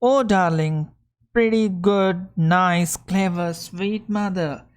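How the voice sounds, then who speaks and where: A woman's voice: lowish voice, slow pace, clean tone. A woman voicing hungry children in a storybook reading, pleading in a singsong tone. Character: seven hungry children begging sweetly.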